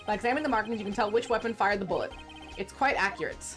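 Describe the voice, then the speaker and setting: A woman reading lines as a determined young male defense attorney in a courtroom game, laying out evidence in a measured way. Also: medium pitch, soft background music, close to an everyday voice. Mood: explaining. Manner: steady, measured, building to accusation.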